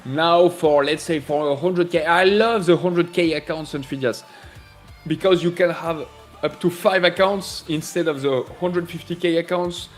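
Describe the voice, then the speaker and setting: Guy chatting on a live trading stream, kinda high voice, jokey, faint music behind. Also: fairly even intonation, normal speed. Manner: playful, laughs often, reads chat messages aloud. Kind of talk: casual live-stream chat.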